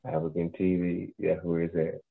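A man co-hosting a podcast, talking in a relaxed, slangy drawl that trails off mid-thought. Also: low voice, normal speed, vocal fry, heavy background noise. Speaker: podcast co-host. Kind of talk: casual podcast chat. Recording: tinny phone-like dry sound.

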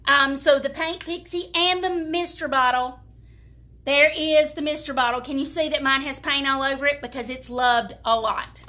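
Her high voice is bright and forceful, with fairly even intonation and normal speed. Speaking directly to her audience, this Southern-accented woman from the American South gives a chatty, folksy live demo of painting furniture.

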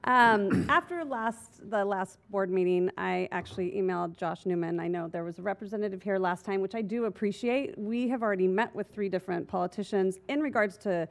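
A woman board member speaks plainly at a public meeting, with frequent restarts. She sounds frank and determined to keep fighting. Her voice sits at an ordinary middle pitch. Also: a little fast, vocal fry, few pauses. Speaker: school board member and delegate. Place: school board meeting room.

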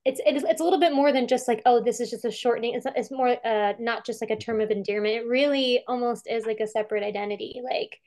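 A woman's voice: a little high, fairly even intonation, fast talker, few pauses, darkish tone. A woman curator chatting casually about a film over a video call, talking with many fillers and restarts and acting out quotes.

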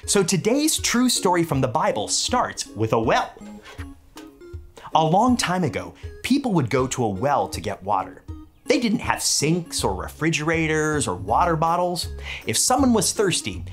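A man in a mailman role who presents a children's Bible lesson, playful and animated, and leads call-and-response games. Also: a little high, a little slow, soft background music.

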